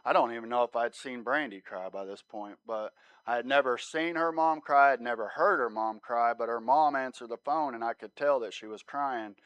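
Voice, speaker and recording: A man giving his sermon testimony as a relaxed story, often checking in with "right?". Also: medium pitch, moderate pace, clean tone, no echo, lo-fi sound. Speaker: guest speaker sharing his testimony.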